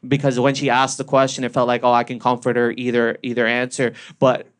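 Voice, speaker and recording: A young Canadian man performing a stand-up comedy set, telling stories with a deadpan, punchy delivery. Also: mid-range voice, a little fast, smooth. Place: comedy club stage.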